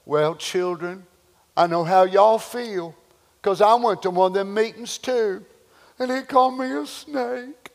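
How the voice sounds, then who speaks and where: A man putting on the voice of a soft-spoken, flattering preacher who coddles his flock in a sugary, quiet way, heard in an echoey church hall. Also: sits high, unhurried, creaky.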